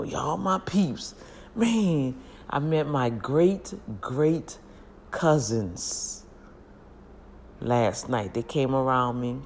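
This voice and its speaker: A woman chatting casually to her viewers, telling family stories in an animated, talkative way with frequent laughs. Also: extremely low pitch, creaky, a little hiss or hum.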